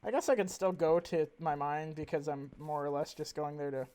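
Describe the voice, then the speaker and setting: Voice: mid-range voice, fairly even intonation, brisk, a little mellow. A gamer giving casual let's-play commentary, rambling and chatting to in-game animals. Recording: audible background noise.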